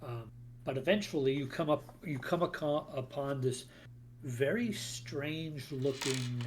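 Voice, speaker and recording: A man narrating as game master of a tabletop game, describing scenes in halting bursts with frequent restarts. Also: medium pitch, noisy background. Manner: halting, many restarts and fillers.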